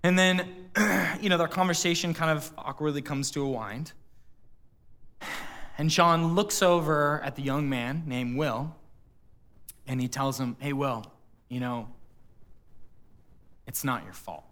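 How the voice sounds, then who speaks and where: A male pastor preaching a sermon, retelling a story quietly and then speaking up to address the church. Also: on the high side, steady tone, unhurried, pauses often. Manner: storytelling, quiet and hushed at emotional quotes, rising when addressing the church. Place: church auditorium.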